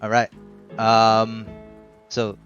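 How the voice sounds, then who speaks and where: A man's voice: lowish voice, completely flat delivery, very slow, a bit bright, muffled recording, faint music behind. A man narrating a tabletop game as game master, hesitant with fillers and often laughing.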